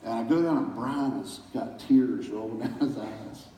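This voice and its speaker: A pastor gives a casual church talk in a community center hall, telling folksy stories and chuckling. His male voice is medium-pitched, moderately paced and mellow, recorded from far off in the roomy hall.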